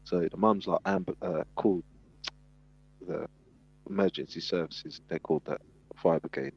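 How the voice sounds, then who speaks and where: Male panel guest, low husky voice, lively storyteller, muffled lo-fi sound. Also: moderate pace. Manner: animated storyteller, acts out quotes. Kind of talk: casual storytelling. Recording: dull lo-fi sound.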